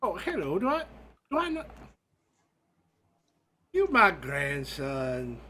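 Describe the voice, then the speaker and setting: Brief: a man doing a dithery, forgetful old ghost woman, high and bright, scolding. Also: huge pitch swings, takes it slowly, exaggerated voice. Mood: fussy.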